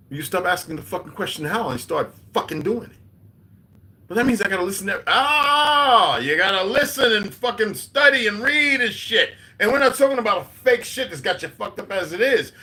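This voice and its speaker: A man's voice: high voice, pushed and bright. A man in his forties giving a rambling, profane, preachy monologue. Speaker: video host.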